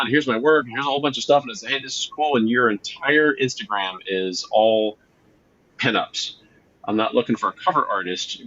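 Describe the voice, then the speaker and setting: A man with a low, forceful voice chats as a guest about writing comics. He tells stories with excitement, fills pauses with ums and acts out what people said. The audio sounds dull and lo-fi. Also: husky. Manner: excitable storyteller, acts out quotes, many fillers. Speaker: comic book writer, guest. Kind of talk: casual interview chat.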